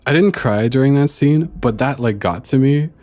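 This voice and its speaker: A male streamer reacting to a game, excitable and amped up, swearing and stumbling over his words. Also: mid-range voice, moderate pace, no echo.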